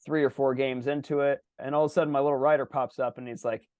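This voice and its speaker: A man hosting a podcast, telling a rambling, animated story in casual chat and swearing freely. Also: medium pitch, quick pace, no room sound. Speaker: podcast host.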